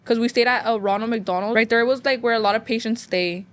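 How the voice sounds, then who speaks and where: A woman's voice: fairly high pitch, fairly even intonation, fast. A young woman from Phoenix, a guest sharing a painful personal story in a rambling, emotional way, full of "like" fillers. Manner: emotional, close to tears.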